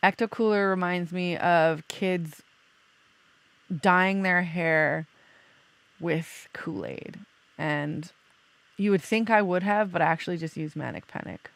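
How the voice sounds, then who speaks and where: Woman podcast host, chatty and loose, easy laugh, gravelly edge, dry close sound. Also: lowish voice, slow, pauses often, no room sound. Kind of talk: casual chat.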